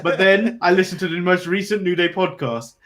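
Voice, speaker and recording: A man's voice: sits high, steady tone, fairly quick, a bit bright. A man co-hosting a wrestling review podcast in casual chat, giving blunt opinions with chuckling asides.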